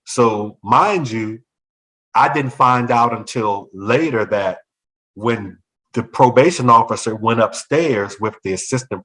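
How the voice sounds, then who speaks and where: A man's voice: medium pitch, low-quality recording. A man and former school principal telling a personal story in a talk show conversation, acting out other people's lines as he goes. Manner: animated, acts out other people's voices in quotes.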